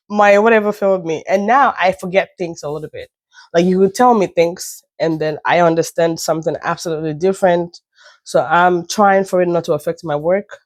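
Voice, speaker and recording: A woman's voice: on the low side, fairly even intonation, a little fast, no echo, clean studio sound. A woman telling a chatty, meandering story at home, her nose stuffy and breaking into an occasional cough. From Nigeria. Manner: chatty, self-deprecating, meandering asides. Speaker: vlogger. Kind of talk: casual storytelling vlog.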